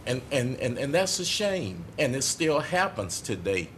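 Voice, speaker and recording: A middle-aged man giving a tearful, impassioned speech as a city commissioner at a council meeting, halting and apologetic. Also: medium pitch, sing-song, a bit bright, slight background noise. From United States.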